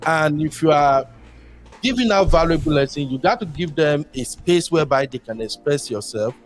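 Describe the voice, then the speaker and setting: This caller is a Nigerian man with a matching accent who rambles casually on a show, weaving pidgin into English. His fairly high voice is expressive at a moderate pace, and soft music plays in the background.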